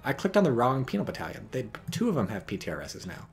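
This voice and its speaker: A man's voice: medium pitch, huge pitch swings, fast, gravelly, soft background music. A man commentating a strategy game on a live stream, joking and rambling while reading out chat.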